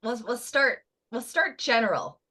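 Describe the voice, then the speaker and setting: A woman's voice: fairly high pitch, animated, a little slow, pushed and bright. A young woman, guest-hosting a live podcast. She tells stories and runs a trivia game in a playful, chatty way. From Canada. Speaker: guest host.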